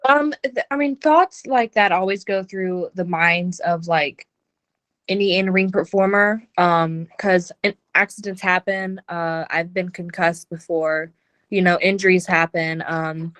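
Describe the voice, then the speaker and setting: A young woman, a wrestler, answering interview questions in a relaxed way, full of "um" and "like". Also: on the low side, measured pace, no echo. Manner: relaxed, many "um" and "like". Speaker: wrestler, guest.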